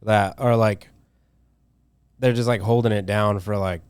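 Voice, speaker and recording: Low-voiced laid-back man, swearing slangy chat. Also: fairly even intonation, a little slow, darkish tone, smooth, dry recording, clean studio sound. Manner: loose, rambling, heavy slang and swearing, many fillers. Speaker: tattoo artist guest. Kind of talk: casual podcast chat.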